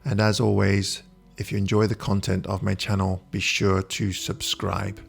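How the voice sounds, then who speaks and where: A man narrating a photography tutorial in a relaxed, explanatory way, pausing often with "uh". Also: sits low, gravelly, slightly rough, soft background music. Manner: relaxed, explanatory, with frequent "uh" pauses. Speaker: photography instructor. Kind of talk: voice-over tutorial.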